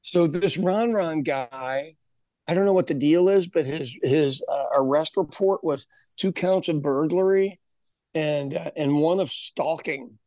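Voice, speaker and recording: A man of about sixty co-hosting a podcast, telling stories in an animated, casual way and laughing often. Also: on the high side, a little slow, no echo, clean studio sound. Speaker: podcast co-host, pub owner. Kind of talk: casual chat.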